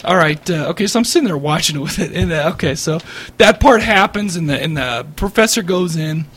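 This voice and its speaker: A man's voice: on the high side, fairly quick, breathy edge. A man co-hosting a podcast in casual chat, telling stories with frequent laughs. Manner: laughing, animated storyteller. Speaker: podcast co-host.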